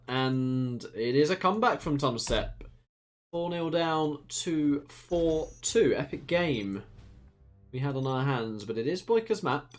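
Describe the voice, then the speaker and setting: A man from near London with an Essex accent, giving lively play-by-play commentary on a strategy game match and reading out viewer chat. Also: a little high. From England, near London. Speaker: esports caster.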